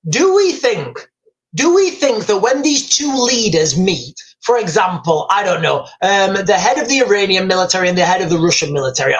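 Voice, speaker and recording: A man's voice: high voice, poor audio. A man hosting a live stream, chatting casually and rambling, with many restarts and asides to viewers. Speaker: livestream host.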